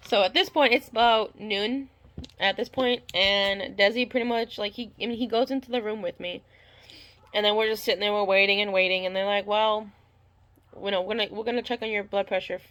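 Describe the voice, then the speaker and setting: A young woman tells a personal story in a loose, rambling way, full of fillers and restarts. Her voice is bright and clear, and she slips into the people she quotes as she goes. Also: medium pitch. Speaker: new mother telling her birth story. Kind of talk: casual storytelling.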